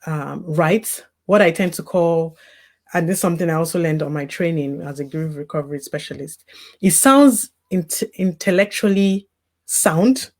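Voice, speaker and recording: Deep-voiced and darkish in tone, a grieving mother speaks at a moderate pace as an interview guest. She is a grief recovery specialist, reflecting earnestly and frankly on losing her baby with frequent "you know"s.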